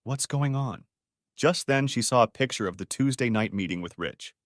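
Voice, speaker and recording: A man narrating a dramatic family story in an expressive reading. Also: on the low side, a little fast, no echo, studio quality.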